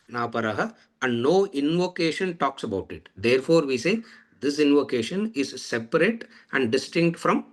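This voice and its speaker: Male teacher, mid-pitched, measured lecture style, chants verses slowly. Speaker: Vedanta teacher. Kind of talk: scripture lecture.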